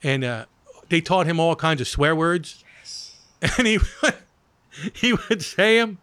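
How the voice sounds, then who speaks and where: A man's voice: on the high side, expressive, unhurried, pushed and bright, clear, resonant tone, dry recording. A man, a sports radio personality, telling rambling anecdotes in casual chat, full of "you know" and acted-out quotes.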